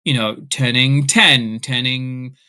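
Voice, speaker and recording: A man's voice: medium pitch, slow, clean tone. A young man, an author telling a story in a casual chat and acting out his family's voices. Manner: animated, acts out family members in quoted voices. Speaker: author guest.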